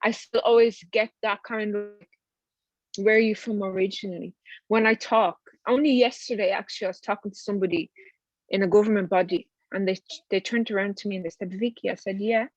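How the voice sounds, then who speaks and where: A woman's voice: mid-range voice, fairly even intonation, a little fast, dry recording. A woman in her thirties with a Dublin accent, speaking earnestly and conversationally as a panelist on a video call. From Ireland. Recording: dry, dull video-call audio.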